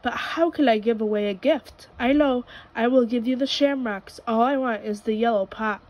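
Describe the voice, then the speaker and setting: A woman's voice: fairly high pitch, moderate pace, darkish tone, lightly acted, low-quality recording. A woman voicing a polite, easygoing male goat in a storybook reading, courteous and matter-of-fact.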